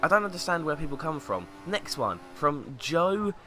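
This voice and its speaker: A young man with a bright, forceful voice, talking in a sarcastic, mocking way. He reads out fan tweets and comments on them casually, and faint music plays behind him. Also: fairly high pitch, big pitch swings, moderate pace. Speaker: YouTube commentator.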